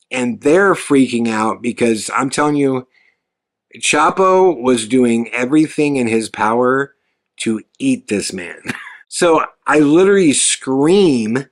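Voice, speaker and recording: A man hosting a podcast, telling a story in a casual, animated way, swearing freely and jumping his voice up when he quotes himself. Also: mid-range voice. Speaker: podcast host and filmmaker.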